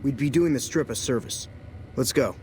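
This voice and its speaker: An actor playing a spoiled, brash young rancher's son with rough rural speech in a video game. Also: male voice, mid-range voice, moderate pace, a little mellow, slight background noise, close to an everyday voice.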